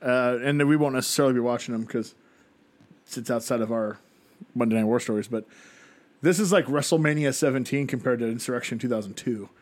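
A man's voice: mid-range voice, brisk, a little mellow. A man co-hosting a casual podcast, crude and joking, laughing often. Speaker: podcast co-host. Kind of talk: casual chat.

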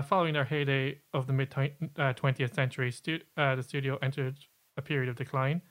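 A man's voice: medium pitch, a bit bright. A man co-hosting a podcast, explaining at length in casual chat, with many fillers and restarts. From Ireland. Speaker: podcast co-host.

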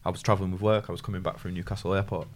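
A man's voice: low-pitched, racing, slight background noise. A young man telling a story in casual chat, acting out the voices of the people he quotes. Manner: animated anecdotes, acts out quoted voices.

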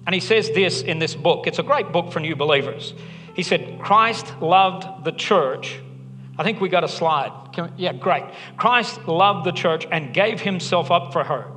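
Bright-voiced pastor in a reverberant hall. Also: male voice, sits high, animated, unhurried. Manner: conversational, joking asides, earnest. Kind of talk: sermon. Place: church hall. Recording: long hall reverb, faint music.

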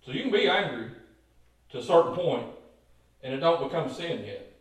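A man preaching in a folksy, joking way, stumbling over repeated words and asking the room for amens. His voice sits fairly high. He is heard from a distance across a church full of echo. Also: lively intonation, normal speed. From Kentucky. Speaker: pastor. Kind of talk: lively preaching sermon. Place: church sanctuary. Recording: very echoey church, voice far from mic.

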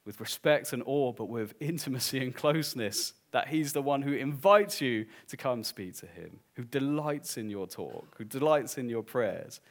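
A man preaching a sermon as pastor, swinging from hushed, drawn-out lines to loud, emphatic declarations. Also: medium pitch.

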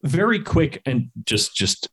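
A man's voice: fairly high pitch, sing-song, takes it slowly, pushed and bright, husky. Man telling a rambling story. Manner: rambling storytelling with laughs and profanity. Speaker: podcast co-host. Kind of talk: casual podcast chat.

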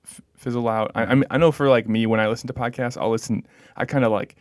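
A man's voice: mid-range voice, steady tone, fast talker, dry recording, clean studio sound. Hesitant young man hosting a podcast. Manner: hesitant, lots of "um" and "like". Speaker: podcast host and parish staff. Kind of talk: casual chat.

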